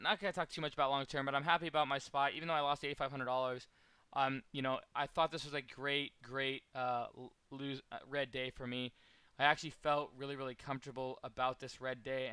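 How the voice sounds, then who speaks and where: A man's voice: medium pitch, pushed and bright, clear, resonant tone, no echo. A man casually recapping his trading day to viewers, rambling with many fillers and restarts.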